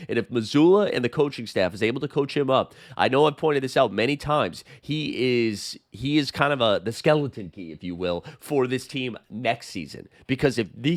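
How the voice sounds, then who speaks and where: A man with a Boston accent hosting a casual sports chat, his voice hoarse from being sick, talking in a rambling way with lots of fillers. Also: medium pitch, no echo, studio quality. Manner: chatty, rambling with many fillers. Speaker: sports channel host.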